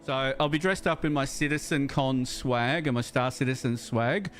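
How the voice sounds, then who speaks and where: A man's voice: mid-range voice, normal speed, a bit bright, soft background music. An Australian man chatting casually on a game livestream, rambling and repeating words as he thinks aloud, reading viewer chat as he plays. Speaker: streamer.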